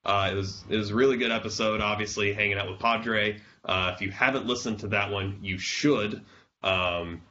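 A man hosting a podcast, hoarse and congested from a cold, chatting casually and laughing now and then. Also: fairly low pitch, fairly even intonation, normal speed, sharp tone, dull audio. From South Carolina. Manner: chatty, self-deprecating, laughs often. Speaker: podcast host.

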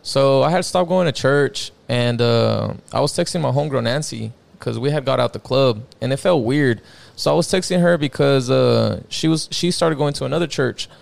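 A young man recounts a personal story in loose, casual chat, his voice heavily gravelly with a deep vocal fry. His talk is slangy and full of swearing, with "bro" and "like" dropped in constantly. His pitch sits at an everyday middle level. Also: normal speed. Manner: slangy, profane, peppered with "bro" and "like". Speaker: guest telling a personal story.

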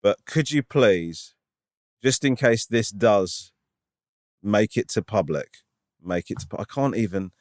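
Dry-sounding podcast host. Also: male voice, on the low side, lively intonation, a little slow, long pauses, darkish tone, no room sound. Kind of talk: casual chat.

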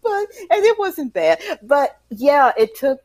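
A podcast co-host chats casually and tells stories in an animated way, laughing a lot and acting out quotes. She has a high-pitched voice and speaks slowly.

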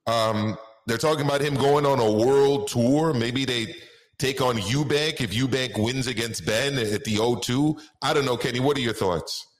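A man's voice: medium pitch, moderate pace, reverberant. A man co-hosting a casual boxing talk show, stretching names out in a sing-song way for emphasis.

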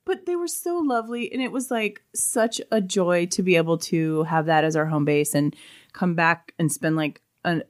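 A woman in relaxed conversation, her voice sitting a bit low for a woman. She talks in an animated way and swears freely. The tone stays conversational throughout. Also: moderate pace. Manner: animated, swears freely, mimics accents in quotes. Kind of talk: casual chat.

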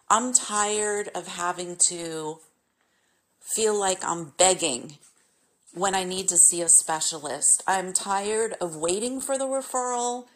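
A middle-aged woman from California, speaking at a middling pitch, vents in a frustrated podcast rant. She hammers each complaint through repetition and lands on it with exasperated emphasis. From California, United States. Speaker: podcast host.

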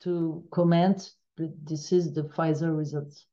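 A woman with a French accent, a native French speaker appearing as an interview guest, speaking halting English as she searches for words. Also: low voice, flat delivery, mellow, dull audio. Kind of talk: remote interview answers.

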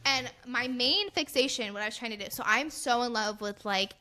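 A woman's voice: on the high side, moderate pace, bright, forceful tone. A young woman co-hosting a podcast, rambling along in casual chat. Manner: chatty, rambling, lots of "like". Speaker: podcast co-host.

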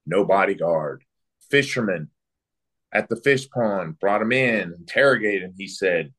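A man being interviewed, telling a long story from his time as a military interrogator in brisk, anecdotal bursts and acting out the exchanges he quotes. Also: low voice, expressive, a bit bright, breathy edge. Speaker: guest, former military interrogator.

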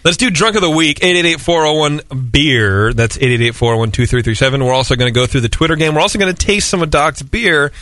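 A man hosting a casual call-in podcast, teasing guests in quick banter. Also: on the high side, lively intonation, fairly bright tone, dry recording. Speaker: host.

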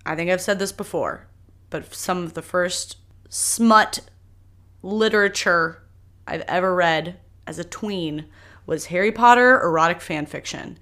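A young woman hosting a solo podcast, talking candidly and animatedly, her voice swinging between loud bursts and soft asides. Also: lowish voice, unhurried. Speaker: podcast host.

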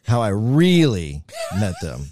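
A man's voice: on the low side, slow, slight background noise. A man hosting a podcast in a studio, telling a story casually and acting out quotes in a raised voice. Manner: animated, acts out quotes in a raised voice. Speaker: podcast host, former radio personality.

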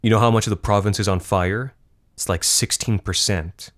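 Cruel, morbid teenage boy who mocks and relishes gory details, low and deep, as a man voices him for a storybook reading. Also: fairly even intonation, moderate pace, a bit bright, lightly acted. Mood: taunting.

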